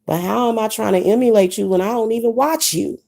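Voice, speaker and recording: Woman, young adult, Kansas City accent, warm low-key timbre, candid vlogger rambling repetitively. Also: brisk, vocal fry. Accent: Kansas City, Missouri. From Kansas City, Missouri. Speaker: witch vlogger. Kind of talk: casual vlog monologue.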